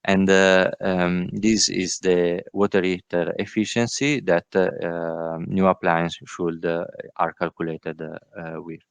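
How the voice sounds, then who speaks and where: Halting, low-voiced man presenting slides. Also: flat delivery, vocal fry, clean tone, dry recording. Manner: halting, many filler sounds. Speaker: workshop presenter. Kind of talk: technical presentation. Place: virtual workshop call.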